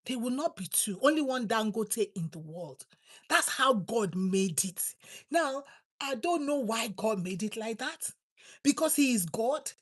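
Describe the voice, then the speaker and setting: Woman preacher, high voice, emphatic sermon delivery, repeats for stress. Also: animated, measured pace. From Nigeria.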